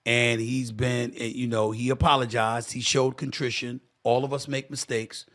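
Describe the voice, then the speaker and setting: A man's voice: mid-range voice, little pitch movement, normal speed, a bit bright. A man hosting his own sports talk show, delivering an impassioned commentary monologue that repeats phrases for emphasis and addresses listeners as "y'all".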